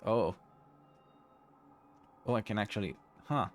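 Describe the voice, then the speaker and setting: A man streaming a game live, chatting in a rambling, giggly, apologetic way, tired and low on energy. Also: slow, soft background music. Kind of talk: casual live-stream chat.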